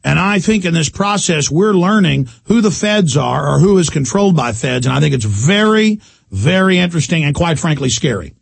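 Brief: talk-radio host, male, high and gravelly, heated repetitive monologue. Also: animated, moderate pace, dry recording. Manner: emphatic, repetitive, ranting.

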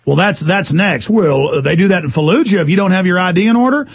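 A man hosting a call-in radio show, ranting fast and indignantly and mocking officials in put-on voices. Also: high-pitched, animated, husky, dry recording. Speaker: radio talk show host.

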